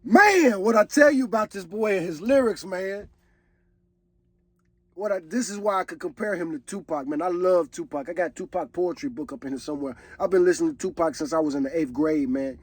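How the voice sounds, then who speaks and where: Husky high-voiced man preaching. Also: a little fast, no echo. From Chicago. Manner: earnest, preachy, reflective. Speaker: reaction video host. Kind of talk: casual reaction commentary.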